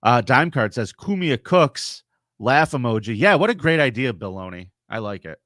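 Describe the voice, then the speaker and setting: A man's voice: mid-range voice, big pitch swings, moderate pace, fairly bright tone, dry recording. A man co-hosting a casual livestream, reading viewer comments aloud and teasing his partner. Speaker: co-host.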